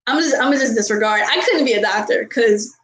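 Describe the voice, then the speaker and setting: Here a U.S. vlogger answers viewer questions in a fast, fairly high, somewhat bright voice. Her casual chat turns into exasperated ranting, broken up by frequent laughs and apologies. The recording is rough and reverberant.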